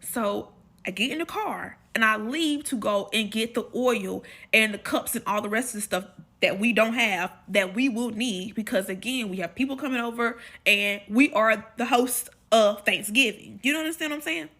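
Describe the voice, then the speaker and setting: A woman's voice: on the high side, normal speed, pushed and bright. A woman telling a family holiday story in a casual storytime, chatty and full of asides.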